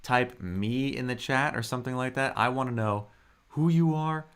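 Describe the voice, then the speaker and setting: A man teaching Mandarin in a live online lesson. He draws out model words slowly and chats with viewers. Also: a bit bright, clean tone. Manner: slow, drawn-out model pronunciations with swooping pitch; friendly, chatty asides to viewers.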